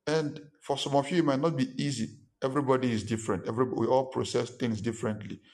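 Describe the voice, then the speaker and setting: A man's voice: mid-range voice, fairly even intonation, fast talker, a little mellow. A man preaching a sermon as a pastor. He talks emphatically, repeats his points and acts out the people he quotes.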